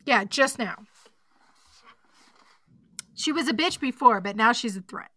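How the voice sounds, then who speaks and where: A woman's voice: fairly high pitch, lively intonation, measured pace, bright, forceful tone, dry recording. A woman hosting a podcast, retelling a story in a chatty casual way, full of likes and asides. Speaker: podcast host.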